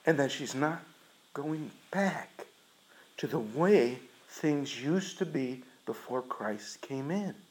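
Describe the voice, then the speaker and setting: Earnest, unhurried male preacher. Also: mid-range voice, animated, rough recording. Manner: earnest, emphatic storytelling. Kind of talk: sermon.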